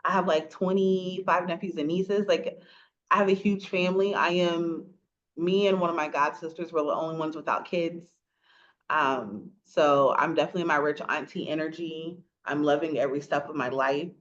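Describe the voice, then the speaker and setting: A woman in her thirties from rural Florida, hosting a casual podcast chat as an animated storyteller who laughs often and acts out the people she quotes. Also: low voice, normal speed, highs cut off. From rural Florida, USA. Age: 30s. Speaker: podcast host.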